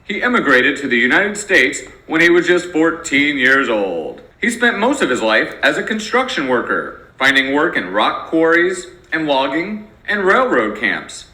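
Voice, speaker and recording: A man teaching a lesson in a playful, lively storytelling manner. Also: fairly high pitch. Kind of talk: educational narration. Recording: echoey room.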